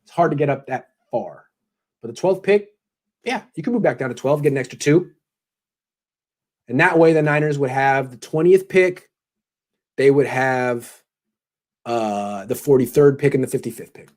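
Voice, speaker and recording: Male host for a casual live sports stream; brisk, opinionated delivery. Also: medium pitch, darkish tone.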